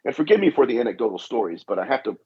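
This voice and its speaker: A man's voice: mid-range voice, big pitch swings, very fast, husky. A man, a guest demonologist, telling anecdotes in a podcast interview and acting out the dialogue with repeated "I said". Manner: anecdotal, acts out dialogue, frequent "I said". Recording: dull lo-fi audio.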